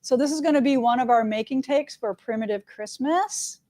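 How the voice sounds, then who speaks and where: A quilt shop owner hosts a live stream, chatting and making announcements in a cheerful, talkative way full of "all right" and "right?". Her voice sits high and mellow at a moderate pace.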